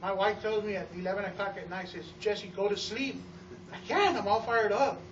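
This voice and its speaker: A man giving an energetic testimonial to a live audience about running his store, telling stories with acted-out quotes and often repeating words. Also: high voice, normal speed, a little hiss or hum. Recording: roomy, distant, dull sound.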